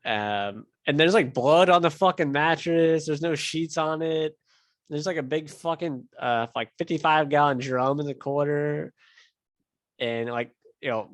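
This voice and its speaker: On his casual podcast, a young man tells a long, meandering, profane tale full of filler words. His voice sits in the mid range, with no echo on the recording.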